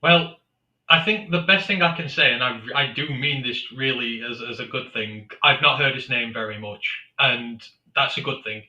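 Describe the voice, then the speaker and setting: Bright-voiced man on a roomy lo-fi call. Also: medium pitch, moderate pace. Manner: thoughtful, explains at length. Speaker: podcast guest. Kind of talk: casual live stream chat.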